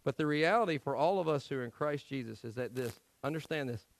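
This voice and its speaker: A male pastor preaching a sermon to his church, telling stories with acted-out voices and swinging between loud emphasis and quiet asides. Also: mid-range voice, fast talker, dry recording, rough recording. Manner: animated storytelling, acts out quoted voices. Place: church sanctuary.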